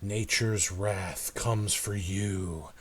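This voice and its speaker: A man intoning a slow, grave spirit of nature. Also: a bit bright, slightly rough, heavily acted. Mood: ominous. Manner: slow, solemn, low pronouncement. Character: ominous spirit of nature speaking through a gnome.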